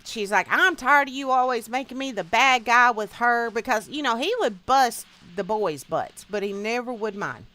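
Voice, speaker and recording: A woman's voice: a little high, expressive, moderate pace, few pauses, bright, forceful tone. A woman streamer, casually telling folksy childhood stories while she plays a game. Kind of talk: casual storytelling while gaming.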